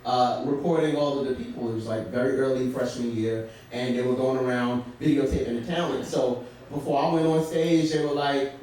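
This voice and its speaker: A man's voice: mid-range voice, fairly even intonation, a little fast, few pauses, a little mellow, recorded from a distance, slight background noise. A young man from Brooklyn telling a funny story to a live audience on a theater stage, laughing through his telling. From Brooklyn, New York. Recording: very echoey theater, from off mic.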